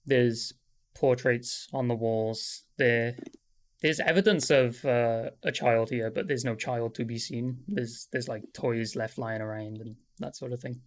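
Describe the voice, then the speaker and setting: With a mid-range voice and a measured pace, this man runs a tabletop game as game master. He describes the scenes in a relaxed manner, using plenty of fillers.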